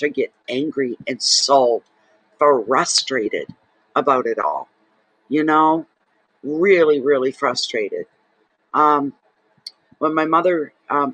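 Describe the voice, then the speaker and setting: Speaking straight to camera, a channel host who reads tarot pours out a warm, wandering, emotional monologue; he's from Saint John, New Brunswick, Canada. His mid-range voice is a bit bright and slightly rough, captured without echo but in low quality.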